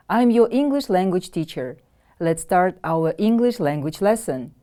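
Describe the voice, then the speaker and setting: A woman from Kyrgyzstan teaching a televised English vocabulary lesson, speaking slowly and carefully and repeating each word for her pupils. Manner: slow, careful, lively pitch, repeating words for pupils.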